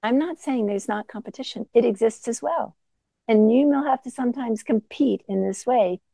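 Woman teacher giving a dharma talk, gravelly and mellow, dry close sound. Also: fairly high pitch, normal speed, no echo, rough recording. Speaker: meditation teacher.

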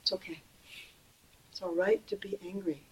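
Gentle woman giving a dharma talk. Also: medium pitch, steady tone, low-quality recording. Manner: gentle and conversational, slowing and softening on key phrases. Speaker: Buddhist teacher.

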